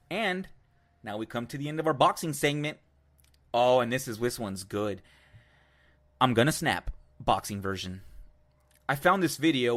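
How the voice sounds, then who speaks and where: A man's voice: medium pitch, a bit bright. A man hosting an online show and delivering heated, profane commentary on a clip he has just played. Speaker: show host. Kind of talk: ranting commentary on a video clip.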